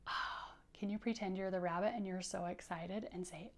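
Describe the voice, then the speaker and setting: A woman teaching young children, reading aloud with an encouraging, animated manner. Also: lowish voice, normal speed, hardly any pauses. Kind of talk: children's read-aloud lesson.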